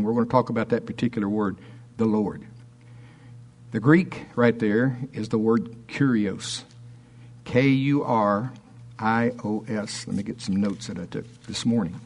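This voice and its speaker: A man preaching a fervent sermon, reading scripture aloud and slowing down to stress key words. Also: medium pitch, a little mellow.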